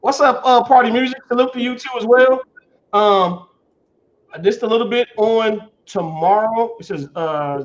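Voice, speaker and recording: Laid-back high-voiced man hosting a livestream. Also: measured pace. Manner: loose, laughing, greets viewers by name. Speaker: livestream host. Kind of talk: casual livestream chat. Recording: dull lo-fi stream audio.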